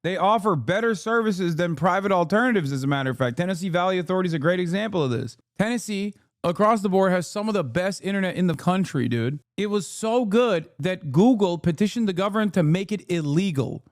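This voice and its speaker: A man's voice: sits high, animated, fairly quick, few pauses, no room sound, studio quality. A man streaming, reacting to news clips in casual chat, swearing a lot and firing off heated rhetorical questions. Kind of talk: casual profane reaction commentary.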